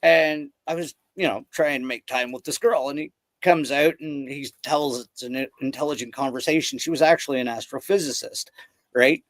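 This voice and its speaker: A man's voice: mid-range voice, normal speed, no room sound. A man hosting a casual podcast, telling loose rambling stories and swearing freely. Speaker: podcast host.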